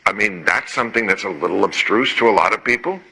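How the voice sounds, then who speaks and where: A man's voice: lowish voice, fast talker, gravelly, sharp tone, husky, poor audio. A man hosting a talk show, delivering sarcastic political commentary with punchy jokes and the occasional swear word.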